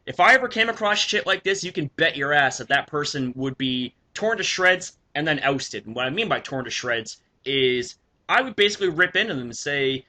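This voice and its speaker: A man's voice: on the high side, lively intonation, moderate pace, bright, forceful tone. A young man in a vlog, ranting indignantly about screenshots, swearing often and stumbling through fillers and restarts. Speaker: YouTuber. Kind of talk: ranting commentary over screenshots.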